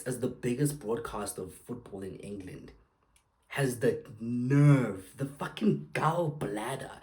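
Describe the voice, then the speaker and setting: This is an angry football rant from a young man hosting his own show, full of profanity and sarcasm aimed at the referees. His voice is medium-pitched and a touch mellow.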